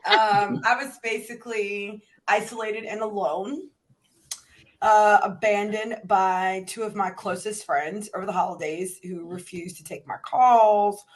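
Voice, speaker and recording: A woman's voice: medium pitch, steady tone, a little slow, low-quality recording. A woman, co-hosting a casual chat in a mock-dramatic, teasing way. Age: 40s. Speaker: podcast co-host.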